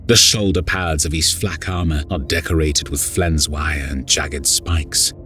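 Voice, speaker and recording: A man's voice: rumbling low, steady tone, unhurried, sharp tone, faint music behind. A man narrating a grim first-person war story in a grave, intense voice.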